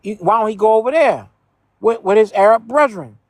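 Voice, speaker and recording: High-voiced man in a heated argument. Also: animated, fairly quick, no echo, studio quality. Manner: confrontational, repetitive, interrupting, profane. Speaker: panel participant. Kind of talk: heated live-stream debate.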